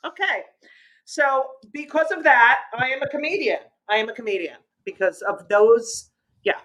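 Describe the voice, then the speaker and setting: A brash woman comedian who tells her stories with an animated, punchy delivery. Her voice sits high and sounds bright and forceful, and it comes through a video call. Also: moderate pace, low-quality recording. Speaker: comedian guest. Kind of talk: stand-up storytelling on a video call.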